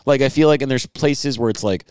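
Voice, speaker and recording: A man's voice: medium pitch, fairly quick, darkish tone, clear, resonant tone, no room sound, clean studio sound. A young man co-hosting a podcast in casual chat, rambling, swearing often and acting out quotes. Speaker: podcast co-host.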